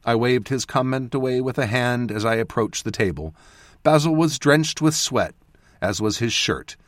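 A man's voice: moderate pace, no room sound, studio quality. A man narrating a fantasy audiobook, giving the characters their own voices. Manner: voices characters with lively shifts in pitch and loudness. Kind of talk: scripted narration.

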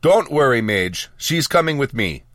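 A man's voice: medium pitch, sing-song, moderate pace, a bit bright, dry recording, clean studio sound, voice pushed up. A man voicing a big, muscular male ship's officer with a mocking, teasing manner. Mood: strained.

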